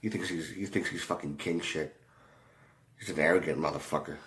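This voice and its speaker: A man telling a rambling story in a casual way, halting often, with many fillers and restarts and a lot of swearing. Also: very deep voice, fairly even intonation, fairly bright tone. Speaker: commentator.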